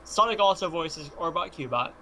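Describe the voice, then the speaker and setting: A man's voice: on the high side, animated, normal speed, bright, forceful tone, slight background noise. A man chatting casually on a live stream, eagerly sharing trivia and stammering as he starts.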